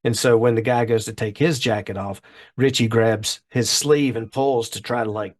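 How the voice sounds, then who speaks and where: A man's voice: mid-range voice, fairly even intonation, normal speed. Rambling man retelling a TV episode. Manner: rambling, with many fillers and restarts. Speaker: podcast co-host. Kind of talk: casual chat, retelling TV episodes.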